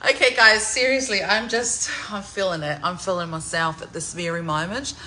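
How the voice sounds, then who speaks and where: A woman, chatting excitedly in a salon vlog, loud, laughing and swearing freely. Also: medium pitch, moderate pace, slight background noise, rough recording. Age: 40s. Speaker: singer.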